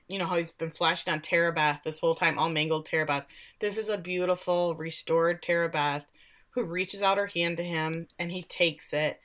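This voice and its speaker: A woman's voice: on the low side, a bit bright. A woman co-hosting a casual podcast, chatting and joking about a TV episode and laughing often. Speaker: podcast co-host. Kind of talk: casual TV recap chat.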